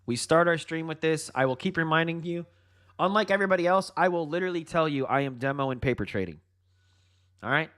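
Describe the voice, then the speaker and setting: Excited man hyping a live trading stream. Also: a little high, fast talker. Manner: excited, hyped, laughs often; addresses viewers directly with "guys" and "folks". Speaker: livestream trading host. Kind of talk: live market commentary.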